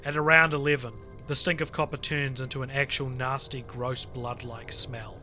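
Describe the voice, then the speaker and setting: A man on a podcast reading a creepy internet story aloud to friends, lively and full of swearing. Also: mid-range voice. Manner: animated storyteller, swears freely, breaks off to chat. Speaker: podcast co-host reading stories.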